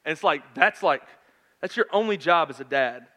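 Guy in his 30s preaching, bright forceful voice, chatty, gets loud then real quiet. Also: fairly high pitch, expressive, moderate pace. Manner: conversational, swings from loud to hushed. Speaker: pastor. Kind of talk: sermon with personal story.

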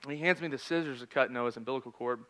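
A man in his thirties preaching a sermon in a conversational storytelling manner, swinging between loud and hushed. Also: mid-range voice, fast talker. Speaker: pastor.

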